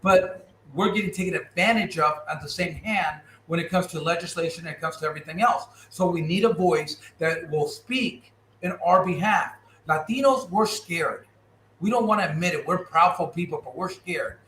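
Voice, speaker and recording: A Californian man in a candidate interview talks bluntly and with conviction. His voice sits fairly high. The room around him is echoey, with faint noise behind. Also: normal speed, a bit bright. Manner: blunt, impassioned, emphatic. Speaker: political candidate.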